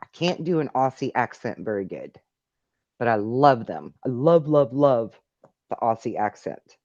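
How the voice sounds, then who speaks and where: A woman's voice: a bass voice, sing-song, a little slow, darkish tone, no echo, dull audio. A middle-aged woman hosting a live call-in stream, chatting casually and reading viewer messages aloud. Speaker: live call-in show host.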